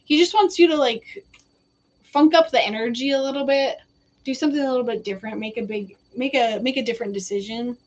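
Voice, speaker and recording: A woman's voice: on the high side, a little fast, highs cut off. Giggly young woman giving a psychic reading. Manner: chatty and giggly, quoting spirits in a casual voice. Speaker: psychic reader. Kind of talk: live-stream psychic reading.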